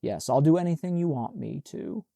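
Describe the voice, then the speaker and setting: A man voicing a quiet, troubled teenage girl in an audiobook, with soft, subdued replies. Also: on the high side, expressive, normal speed, creaky, no room sound, studio quality. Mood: hushed. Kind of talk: audiobook character voice.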